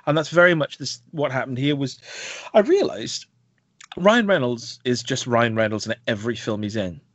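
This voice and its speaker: Casual podcast co-host, male, jokey and lively, dry dull lo-fi mic. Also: medium pitch, normal speed, no echo. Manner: animated, jokey, mimics film voices. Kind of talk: casual film review chat.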